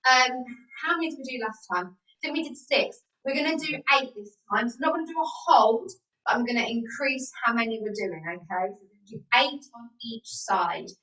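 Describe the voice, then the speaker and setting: A woman's voice: a little high, pushed and bright, recorded from a distance. A woman fitness instructor leading an exercise class over a video call, encouraging and counting out the moves. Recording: echoey room, away from the mic.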